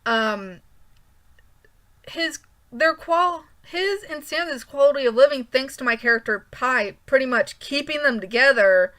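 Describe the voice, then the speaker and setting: A woman talks casually while she draws, rambling and restarting her sentences. Her voice sits on the higher side, and she speaks slowly and unhurriedly. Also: lively intonation, pushed and bright. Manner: rambling, hesitant, frequent ums and restarts. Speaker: art channel creator. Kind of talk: casual drawing commentary.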